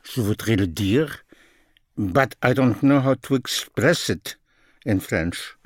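A man teaching a recorded language lesson, slowly repeating each phrase and its translation. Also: lowish voice, expressive, no room sound, clean studio sound. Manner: slow, deliberate, repeats phrases in two languages.

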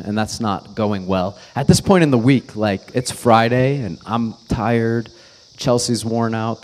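A man's voice: medium pitch, darkish tone. Earnest man preaching conversationally. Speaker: pastor. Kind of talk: sermon with personal story.

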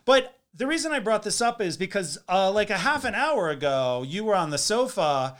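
A man's voice: sits high, moderate pace. A man hosting a podcast in casual, playful chat with his husband. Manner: chatty, playful, animated. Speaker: podcast host.

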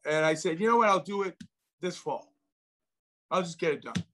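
A man's voice: a little high, lively intonation, moderate pace, a bit bright. A middle-aged man telling a long personal story as an interview guest, rambling with many restarts and repeated words. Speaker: guest, venture investor.

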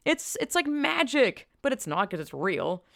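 A woman's voice: a little high, very animated, measured pace, vocal fry, fairly bright tone, dry recording, studio quality. A young woman hosting a podcast, talking bluntly and emphatically with frequent swearing and exclamations. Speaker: podcast host. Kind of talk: casual opinionated podcast commentary.

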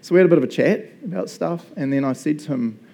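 A man in his fifties, a pastor giving a casual, story-driven sermon, chatty and quick to laugh. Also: fairly high pitch, creaky, warm tone, poor audio. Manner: casual and chatty, laughs often, says "right?" and "bro".

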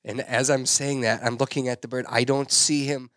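A man of ordinary pitch hosts a casual podcast and tells a story with lively energy. The sound is dry and close, with no room around it. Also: moderate pace, no echo. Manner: animated storyteller, gets loud and excited. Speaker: podcast host.

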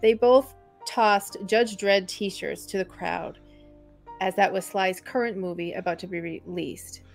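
A woman's voice: mid-range voice, steady tone, unhurried, creaky, soft background music. A woman reading a first-person memoir chapter aloud as a podcast co-host.

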